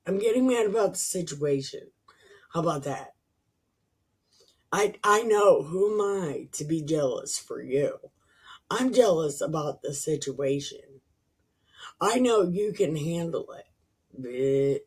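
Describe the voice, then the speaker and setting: A woman reads scripture aloud at an unhurried, deliberate pace, her voice breathy and a little husky. Between verses she drops into profane, sarcastic commentary. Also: on the low side, a little mellow. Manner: slow deliberate reading broken by profane sarcastic asides. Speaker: Bible reading channel host.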